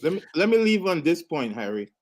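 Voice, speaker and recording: A man's voice: on the high side, big pitch swings, fairly quick, a little mellow. A man from the Caribbean on a casual panel chat, teasing the others and pushing to add one more point.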